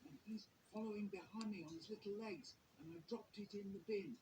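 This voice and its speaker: A man telling a comic story, playful and animated, with sound effects. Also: sits high, brisk, background noise. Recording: echoey room.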